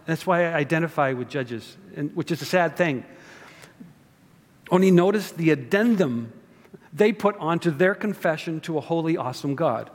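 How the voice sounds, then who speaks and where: A man preaching in a fairly high voice, talking conversationally and tossing rhetorical questions at the congregation. His words ring out with a long echo, as if in a large hall. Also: expressive, moderate pace. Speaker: pastor. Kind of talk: sermon.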